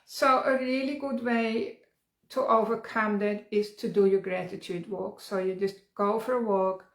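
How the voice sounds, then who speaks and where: A middle-aged woman giving an earnest, encouraging self-help workshop talk as a wellness coach, often trailing off quietly. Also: mid-range voice. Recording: roomy echo.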